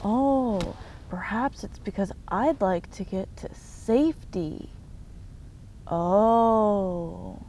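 Woman, slow sarcastic rant, outdoors with traffic noise behind. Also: mid-range voice. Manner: sarcastic, swearing, rhetorical questions. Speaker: vlogger. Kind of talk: angry profane rant to camera.

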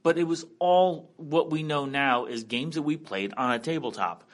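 A man hosting a podcast segment, leading in a lively way with questions. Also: a little high, normal speed. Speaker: podcast host. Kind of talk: casual chat.

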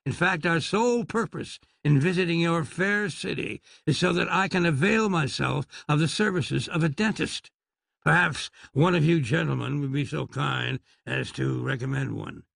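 A man's voice: fairly high pitch, normal speed, creaky, fairly bright tone, dry recording, clean studio sound, heavily acted. A man doing a pompous stage magician. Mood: haughty. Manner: flowery, formal, self-important. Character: pompous male stage magician, fussy and grand.

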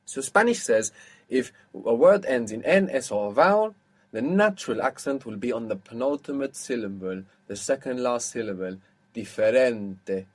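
A man's voice: medium pitch, lively intonation, normal speed, husky. A man teaching a one-on-one language lesson, patiently explaining step by step and quizzing his student.

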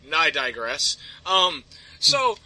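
A man's voice: on the high side, sing-song, slow, sharp tone, low-quality recording. A man telling a story as a podcast guest, ranting and rambling with plenty of swearing. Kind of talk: casual chat, storytelling.

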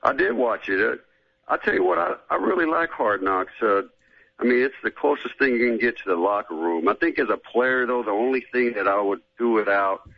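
A man's voice: mid-range voice, animated, brisk, creaky, slightly rough, no echo. A middle-aged man and former football player, a guest in a casual radio interview, talking in a laid-back drawl and saying "man" a lot. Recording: dull lo-fi radio audio.

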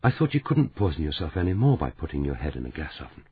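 A man's voice: very deep voice, very animated, quick pace, slightly rough, no echo, exaggerated voice. A man voicing an earnest, somewhat anxious man who speaks in a slightly raised voice. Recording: narrow phone-like audiobook sound.

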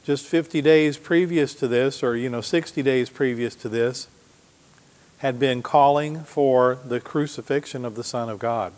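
A man's voice: mid-range voice, measured pace, darkish tone. Man preaching in an echoing hall. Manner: teaching Bible verses, reading scripture aloud with emphasis; asks the congregation questions. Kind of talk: sermon. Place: church sanctuary.

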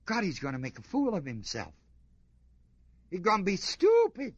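A man preaching a sermon, reading scripture aloud and commenting on it with emphatic rhetorical questions, dropping to a hush and then rising with fervor. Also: sits high, wildly swooping pitch, normal speed, breathy edge, dry recording, dull audio. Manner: emphatic, rhetorical questions to the congregation, swings between hushed and fervent.

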